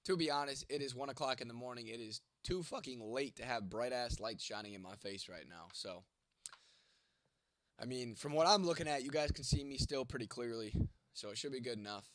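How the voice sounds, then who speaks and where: A man's voice: mid-range voice, brisk, fairly bright tone, dry recording. A man of twenty-nine, congested from a cold and losing his voice, answering chat on a late-night livestream in a blunt, heavily profane way. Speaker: content creator. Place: home at night.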